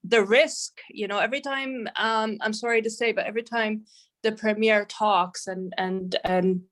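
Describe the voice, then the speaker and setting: A woman who runs a business, speaking in a panel about her frustrations in a halting way. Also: medium pitch, fairly even intonation, fairly bright tone. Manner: frustrated, halting, with nervous laughs. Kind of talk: personal testimony in a panel discussion.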